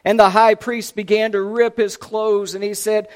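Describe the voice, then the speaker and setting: A man preaching, retelling a scripture story dramatically, swinging between loud and hushed. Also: high-pitched, level tone, moderate pace, few pauses, smooth.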